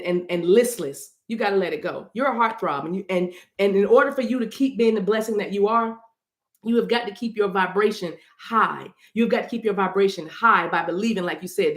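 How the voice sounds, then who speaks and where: A woman doing spiritual card readings on a livestream keeps things chatty, reading viewer messages out, talking straight to chat and breaking into bits of song. Her voice is medium-pitched and the recording sounds roomy.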